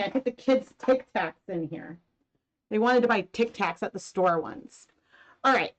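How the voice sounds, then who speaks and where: A woman's voice: on the high side, dull audio. Chatty woman live-streaming from home. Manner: chatty, rambling, many "like"s and "um"s. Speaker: knitting and yarn-dyeing host. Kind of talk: casual live-stream chat.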